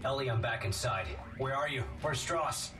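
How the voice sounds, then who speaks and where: A man's voice: mid-range voice, normal speed, close to an everyday voice. An actor playing a terse male space engineer in a video game. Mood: urgent. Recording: distant voice under loud game music.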